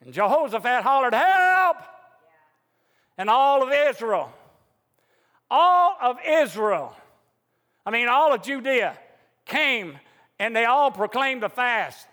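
Fervent male preacher with a very high, forceful voice, recorded in an echoey church hall. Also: expressive, measured pace. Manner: fervent, emphatic preaching with rising outbursts. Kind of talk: sermon.

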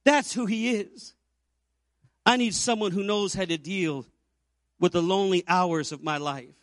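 A pastor in his fifties delivers an Easter sermon at a measured pace, rising to emphatic peaks and sinking into quiet, low passages. The recording is dry and studio quality.

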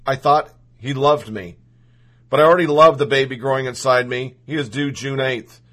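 A man's voice: medium pitch, normal speed, a bit bright. A man reading a personal story aloud in the first person, earnest and emotional.

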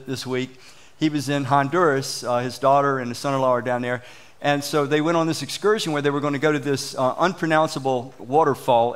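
A man's voice: fairly high pitch, fairly bright tone. Chatty middle-aged male pastor preaching. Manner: conversational, chuckling, asks the congregation questions. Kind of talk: sermon. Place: church sanctuary.

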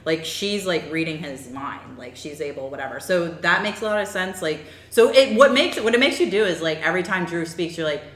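A woman's voice: on the low side, expressive, a little fast, few pauses. A woman chatting casually about a TV show, with lots of fillers and easy laughs. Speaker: podcast co-host discussing a TV show. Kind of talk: casual chat. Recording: roomy echo.

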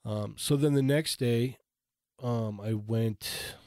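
A man on a podcast casually telling a shopping story, acting out his quotes with animated voices. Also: medium pitch, takes it slowly, dry recording, clean studio sound. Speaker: podcast co-host.

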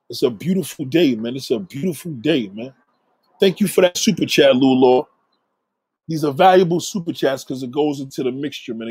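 A man hosting a livestream, ranting profanely and repetitively at a viewer in chat and giving shout-outs to supporters. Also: mid-range voice, slightly rough, no echo. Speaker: livestream host reading chat. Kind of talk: casual livestream rant.

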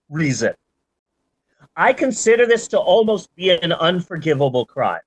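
A man chatting about films on a podcast, his pitch leaping all over as he rants. He jokes, swears and builds up to outbursts, with everyday energy in between. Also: unhurried, pauses often, husky. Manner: animated, ranting and joking, with swearing outbursts. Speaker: podcast host. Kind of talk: casual movie chat.

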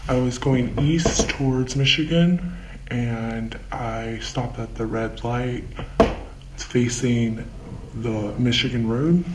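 A man being interviewed as a witness, his voice altered to disguise it, recalling events slowly and haltingly. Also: medium pitch, echoey room, heavy background noise. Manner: slow, halting recollection.

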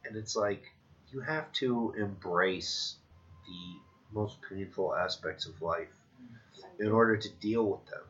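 A man in casual chat, telling stories with wry, deadpan jokes. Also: fairly low pitch, takes it slowly. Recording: dull lo-fi recording.

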